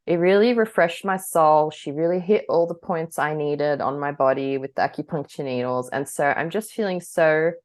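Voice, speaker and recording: A woman's voice: low-pitched, moderate pace, few pauses, a little mellow. A woman co-hosting a podcast, talking candidly and rambling, often laughing between thoughts. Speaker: podcast co-host. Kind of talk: casual chat.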